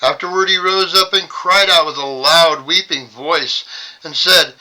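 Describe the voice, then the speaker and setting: A man hosts a Bible study and reads scripture aloud in a very bright, sharp voice. He sits a little high in pitch and breaks the reading with dry, sarcastic side comments. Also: fairly even intonation, unhurried, poor audio. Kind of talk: scripture reading with wry asides.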